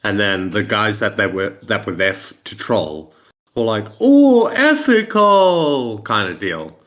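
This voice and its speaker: A man with a fairly low voice co-hosts a casual podcast. He explains his points in an insistent, lecturing way and keeps stressing that they are simply facts. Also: moderate pace, bright, forceful tone. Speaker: podcast co-host.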